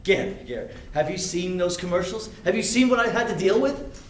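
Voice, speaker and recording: A man's voice: high-pitched, fairly quick, a little hiss or hum. A man playing an exasperated TV actor. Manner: exasperated, lively storytelling. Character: frustrated male TV actor, earnest and defensive. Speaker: stage actor. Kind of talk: live amateur stage play. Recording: echoey stage from far off.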